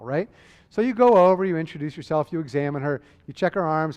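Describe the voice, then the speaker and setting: A man giving a conversational, animated medical lecture, acting out exchanges with patients. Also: a little high, brisk, smooth, long reverb tail.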